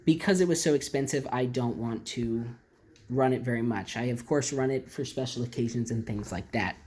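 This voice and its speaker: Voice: medium pitch, moderate pace, darkish tone, slightly rough. A model railroad vlogger showing off a collection in a casual, rambling way, with lots of ums and restarts. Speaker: model railroad channel host. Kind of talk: casual show-and-tell vlog.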